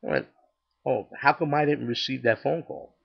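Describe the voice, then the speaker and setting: A man's voice: medium pitch, expressive, moderate pace, creaky, husky, muffled recording. An older man casually telling his personal faith testimony, chatty and acting out the dialogue with many restarts. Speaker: storyteller sharing his testimony.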